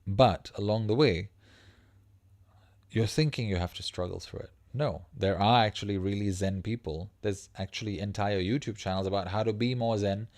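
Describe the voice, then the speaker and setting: A man hosting a casual livestream as a life coach, talking in a profane, animated way that breaks into laughs mid-sentence. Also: fairly low pitch, normal speed, no room sound, studio quality.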